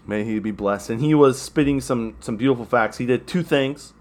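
A man's voice: mid-range voice, moderate pace. Sarcastic rambling male podcast co-host. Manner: sarcastic, rambling, rants with sudden loud outbursts. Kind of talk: casual comedic chat.

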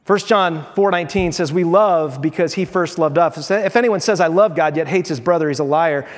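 A man's voice: on the high side, long reverb tail. A man preaching a sermon as pastor, reading scripture and telling humorous everyday stories in a conversational way.

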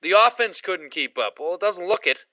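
A man's voice: sits high, animated, a little fast, no echo. A man co-hosting a sports podcast in easygoing chat, often hedging with "I mean". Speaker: podcast co-host. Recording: dry, dull lo-fi podcast audio.

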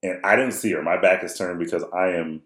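A man with a very low, deep voice tells a story at length on a casual podcast. He rambles and restarts often, but stays animated. The sound is roomy and echoey. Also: brisk. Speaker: podcast co-host.

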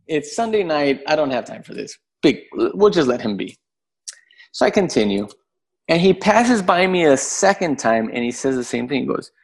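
A man, a podcast guest who tells a story in a casual, animated way, swearing freely and acting out the voices of the people in it. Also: fairly high pitch, normal speed, creaky. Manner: animated, profane, acts out voices in his story.

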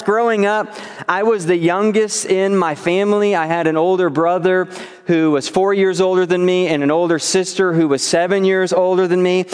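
A man's voice: high voice, clean tone. A young man preaching, reading scripture and then talking casually with stories from childhood. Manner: casual storytelling, acts out whiny child voices. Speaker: youth pastor. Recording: reverberant hall.

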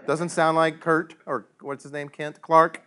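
A man's voice: measured pace, clear, resonant tone. A man teaching a Bible study in a casual, joking way, chuckling often and asking the class questions. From United States. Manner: animated, joking, big pitch swings, chuckles often.

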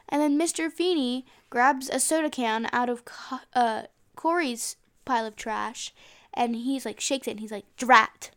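Excitable high-voiced woman recapping a show. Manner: excitable, animated storytelling. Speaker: podcast co-host recapping an episode. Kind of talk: casual chat.

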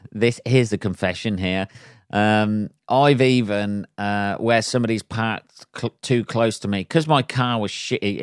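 Sweary comedian, smooth low voice. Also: male voice, no echo, clean studio sound. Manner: sweary, rambling, laughs at own jokes. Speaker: podcast host and stand-up comedian. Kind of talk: casual solo podcast rant.

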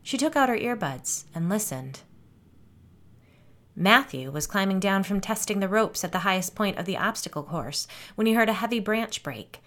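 A woman narrating a scripted horror story in a measured, suspenseful way. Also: mid-range voice, animated, a bit bright.

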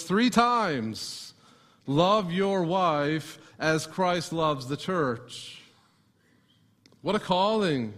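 A man with a somewhat high-pitched voice preaches a sermon from the pulpit. He speaks as a pastor and keeps drawing the congregation in with rhetorical questions.

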